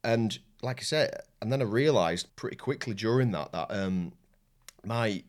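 Low-voiced Yorkshire man telling stories. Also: lively intonation, a little slow. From Yorkshire, England. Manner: candid storytelling with frequent restarts and swearing. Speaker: jiu-jitsu coach and competitor, guest. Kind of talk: casual podcast conversation.

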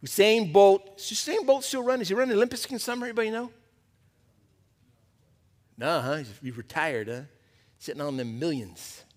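Lively preaching man in a reverberant hall. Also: high voice, fairly quick, pauses often. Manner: animated, calls out questions to the group. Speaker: pastor. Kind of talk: sermon at a men's Bible study.

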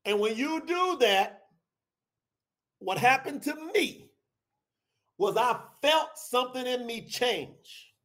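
A middle-aged man preaching a scripture talk on a livestream, his voice sitting high for a man. He preaches with fervor and bursts into shouts at the peaks. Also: animated, slow, pauses often. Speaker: podcast host and preacher.

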